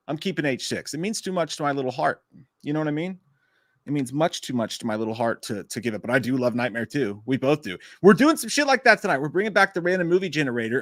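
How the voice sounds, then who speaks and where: A man with a somewhat high voice chats casually on a live stream, telling rambling stories and cracking crude jokes at his own expense. He sounds close to the mic in a dry room with no echo. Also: fairly bright tone. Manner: crude, self-mocking joking; rambling, chatty storytelling.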